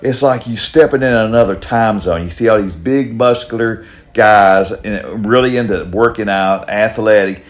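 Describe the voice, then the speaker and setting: A man's voice: on the low side, normal speed, hardly any pauses. An older man with a Kentucky accent, hosting a casual podcast and telling long, rambling stories in a folksy way. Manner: rambling, repeats himself, folksy. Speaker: podcast host. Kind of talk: casual storytelling chat.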